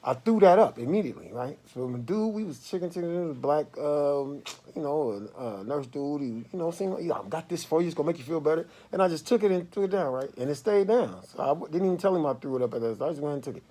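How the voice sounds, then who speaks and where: A man's voice: fast talker, few pauses. Man telling a wild story from a hospital bed. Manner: animated, swings from low murmurs to loud outbursts. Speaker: vlogger. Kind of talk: casual storytelling to camera. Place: hospital room.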